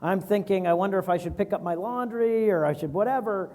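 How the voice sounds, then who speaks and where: A man's voice: sits high, brisk, warm tone, long reverb tail. A man in his forties, a venture capitalist giving casual advice in a fireside chat and acting out quoted voices.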